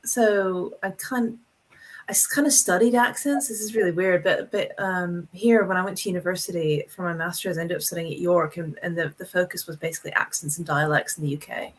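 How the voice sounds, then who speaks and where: A woman's voice: fairly low pitch, steady tone, brisk, poor audio. A woman with a transatlantic accent, chatting casually as a guest author on a podcast, laughing often and poking fun at herself. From born in the States, raised in Hong Kong.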